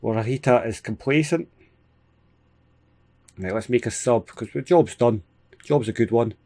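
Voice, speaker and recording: A man's voice: medium pitch, a little slow. Chatty Scottish man commentating a game. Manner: chatty, excitable play-by-play with frequent chuckles. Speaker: gaming channel host. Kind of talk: casual let's-play commentary.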